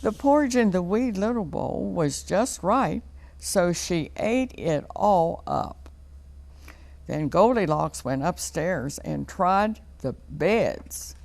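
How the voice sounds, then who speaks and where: A woman reads a children's storybook aloud in a slow, expressive, sing-song manner. Her voice is on the low side, with a strong gravelly fry, and swings widely in pitch. She is recorded in a TV studio.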